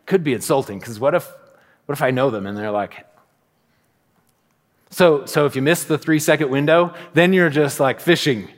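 A man's voice: on the high side, moderate pace, long pauses. Man preaching animatedly in a reverberant hall. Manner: animated storytelling with acted-out asides. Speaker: pastor. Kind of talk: sermon. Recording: long reverb of a large hall.

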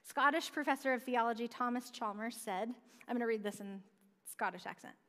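A woman's voice: fairly high pitch, brisk, fairly bright tone. A woman preaching a sermon in a conversational way, asking rhetorical questions and dropping light asides. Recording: long hall reverb.

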